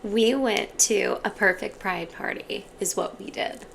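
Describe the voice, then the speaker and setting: A young woman co-hosting a casual podcast with her sister, tossing in quick, playful reactions. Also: mid-range voice, fairly even intonation, vocal fry, fairly bright tone, slight background noise, poor audio. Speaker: podcast co-host. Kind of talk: casual chat.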